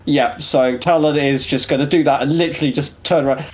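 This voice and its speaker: A man's voice: on the high side, fairly even intonation, fairly quick, a little mellow. A man playing a tabletop game, talking in a casual, wry way. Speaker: player.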